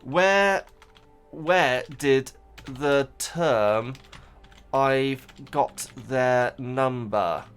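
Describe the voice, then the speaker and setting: Speaking extremely slowly in a medium-pitched, slightly bright voice, this YouTube host reacts to a book he's reading. He rambles casually and stumbles over repeated words while thinking, as soft music plays behind him.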